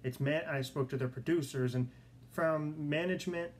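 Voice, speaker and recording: Excited young man hosting his podcast. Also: on the high side, moderate pace. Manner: excited, repeats himself. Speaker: podcast host. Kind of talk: solo podcast monologue. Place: studio.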